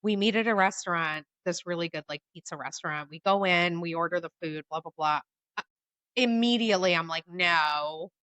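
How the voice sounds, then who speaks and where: Bright-voiced woman telling a story. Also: on the low side, brisk, dry recording. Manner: animated storyteller who acts out quotes, swears freely. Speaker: podcast co-host. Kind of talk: casual chat, storytelling.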